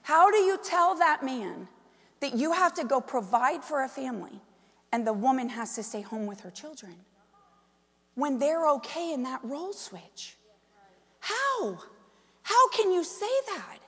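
A woman preaching a sermon, animated and full of questions to the congregation. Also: high-pitched, moderate pace, slightly rough, long reverb tail. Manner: animated, asks the crowd many questions. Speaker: pastor's wife preaching.

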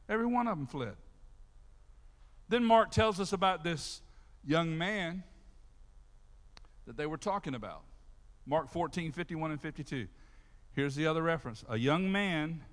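A man preaching a sermon as pastor, talking straight to his congregation in an animated way. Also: fairly high pitch. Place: church sanctuary. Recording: long reverb of a large hall.

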